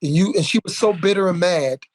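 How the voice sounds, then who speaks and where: A man in a casual podcast conversation, telling a story in an animated, indignant way. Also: sits high, fast talker. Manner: animated storyteller, indignant, many fillers and restarts.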